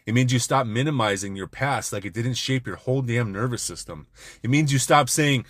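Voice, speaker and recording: A man's voice: mid-range voice, fairly quick, fairly bright tone, no echo, clean studio sound. A man giving an intense, blunt motivational monologue to other men, peppered with swearing. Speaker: men's self-help speaker.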